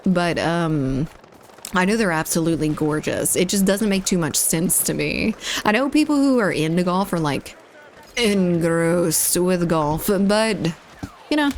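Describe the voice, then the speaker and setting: A woman's voice: on the low side, a little hiss or hum. A woman streaming a shooter game, chatting casually and rambling while breaking off to react to the gameplay and to her chat.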